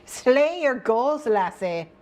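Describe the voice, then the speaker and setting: A lady doing a goofy fake-scottish rallying voice, higher and slow. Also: expressive, a little mellow. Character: hearty mock-Scottish woman rallying the troops.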